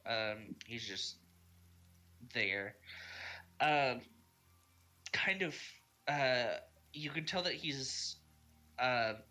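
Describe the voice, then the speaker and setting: Slow, halting game master man, bright tone. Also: mid-range voice, lively intonation. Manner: hesitant, many ums and uhs. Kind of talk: narrating a tabletop game. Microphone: online voice chat.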